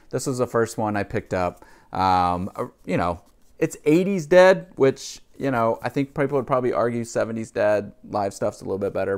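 A man chatting casually to camera about music he bought, rambling with asides and fillers. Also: fairly low pitch. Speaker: vlogger, record collector. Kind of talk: casual music haul vlog.

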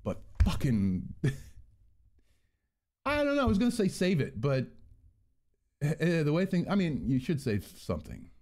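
A man's voice: fairly high pitch, wildly swooping pitch, normal speed, warm tone. Rambling, profane man ranting on his channel. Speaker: channel host. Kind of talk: casual vlog rant. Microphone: earbud mic.

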